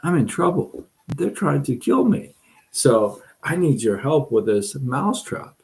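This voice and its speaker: A man's voice: medium pitch, lively intonation, slow pace, darkish tone. A man voicing a frightened little male mouse who pleads and stammers in panic. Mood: pleading.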